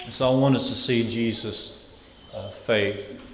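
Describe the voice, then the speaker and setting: A man preaching a Sunday sermon, earnest and measured, with weighty pauses. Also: medium pitch, steady tone, a little hiss or hum. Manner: slow, earnest, emphatic pauses. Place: church sanctuary. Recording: echoey hall with faint ambience.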